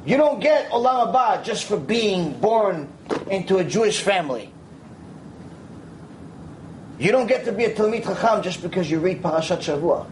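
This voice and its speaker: Animated high-voiced Torah teacher. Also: male voice, fairly quick, a little hiss or hum, low-quality recording. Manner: animated, sprinkles in Hebrew terms and "you know". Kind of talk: lecture with storytelling.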